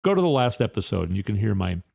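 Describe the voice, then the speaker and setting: A man's voice: lowish voice, big pitch swings, fast talker, creaky, darkish tone, slightly rough. A man hosting a solo political commentary podcast, firing off indignant rhetorical questions in a fired-up way. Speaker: podcast host.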